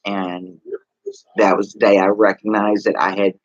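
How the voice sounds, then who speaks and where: A man's voice: lowish voice, level tone, unhurried, no echo, lo-fi sound. Texan man rambling on a livestream. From Texas. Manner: rambling, talks straight to viewers with many questions. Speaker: livestream host. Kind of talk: casual livestream chat.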